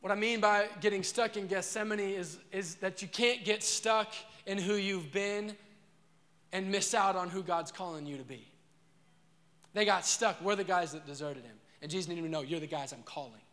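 A man's voice: high-pitched, normal speed, fairly bright tone, big-room sound. A man preaching a sermon as pastor, earnest and repetitive, asking the crowd questions.

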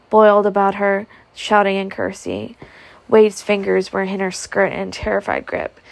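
A woman reading a classic novel aloud with an expressive, gravelly voice. She sometimes breaks off to comment, recorded close in a dry room. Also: mid-range voice, dry recording. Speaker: audiobook reader.

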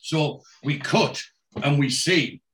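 A man's voice: fairly high pitch, slow pace, fairly bright tone. Chatty man recapping a TV episode. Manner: chatty, swears freely, retells scenes. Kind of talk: casual TV episode recap chat.

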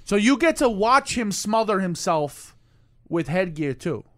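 Animated, high-voiced blunt man. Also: a little slow. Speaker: podcast co-host. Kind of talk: casual sports chat.

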